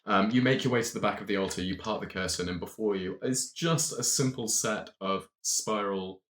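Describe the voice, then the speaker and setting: Man, game master, tabletop narration, low voice, echoey room. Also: moderate pace, a bit bright. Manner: descriptive, laughs easily. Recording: roomy echo.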